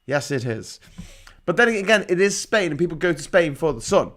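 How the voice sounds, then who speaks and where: A man's voice: a little high, sing-song, fairly quick, a bit bright. Sarcastic English man ranting on a livestream. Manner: sarcastic, swears freely, laughs at own jokes. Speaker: livestream host reading viewer comments. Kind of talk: casual ranting live chat.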